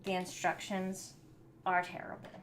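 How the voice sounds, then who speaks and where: A woman hosts a live building stream, talking slowly and half to herself. She often mutters softly while she works. Her voice rings in a roomy space over a faint background hum. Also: lowish voice, completely flat delivery. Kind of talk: casual live-stream chat.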